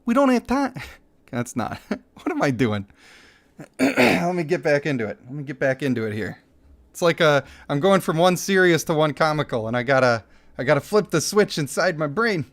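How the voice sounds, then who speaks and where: Excitable man hosting a game stream. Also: fairly high pitch, moderate pace. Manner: excitable, laughs easily, thanks viewers by name. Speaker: streamer and gaming channel host. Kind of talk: live stream, reading game lore and chatting.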